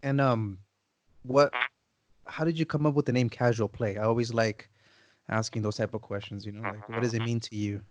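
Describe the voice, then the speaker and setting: A man's voice: mid-range voice, steady tone, normal speed, no room sound. A man in his twenties hosting a podcast, asking questions in an easygoing, enthusiastic way and repeating words while he thinks. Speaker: podcast host. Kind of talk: casual podcast interview.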